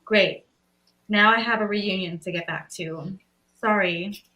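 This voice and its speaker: A woman's voice: medium pitch, a little slow, bright, forceful tone, highs cut off. A woman on a podcast reading a comic's panels aloud with playful emphasis in a casual chat. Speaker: podcast guest.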